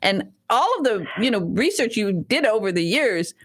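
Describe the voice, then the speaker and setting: A woman's voice: medium pitch, big pitch swings, normal speed, a bit bright, slightly rough. A woman hosting a radio interview in a studio, effusive and full of praise for her guest. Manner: effusive, praising, laughs often. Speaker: radio show host.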